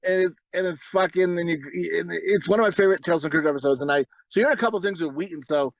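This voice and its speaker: Man, high voice, crude, rowdy, constant swearing, podcast host, dry sound. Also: rapid-fire, dry recording. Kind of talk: casual podcast chat.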